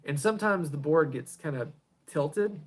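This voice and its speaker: An easygoing man chatting through a live stream from his home garage, answering questions one after another. He rambles, laughs a lot, and lets his sentences fade out softly. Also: on the high side, expressive, moderate pace. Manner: rambling, chuckles often, trails off quietly. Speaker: pedal builder hosting a live stream. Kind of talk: casual live-stream chat answering viewers.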